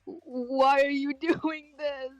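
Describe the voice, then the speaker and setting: A woman's voice: medium pitch, flat delivery, moderate pace, dry recording, dull audio, faint music behind, natural voice. A woman voicing a melodramatic young female student in a fan dub, giggling and stammering. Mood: mock pleading. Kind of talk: fan dub voice acting, improvised.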